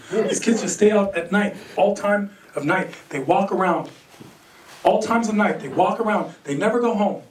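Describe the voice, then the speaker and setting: Performing stand-up, an energetic man from the United States acts out characters with abrupt high-pitched voices and cracks up at his own material. The stage mic sits far from his mouth, so the audio is roomy and distant, and the background is noisy.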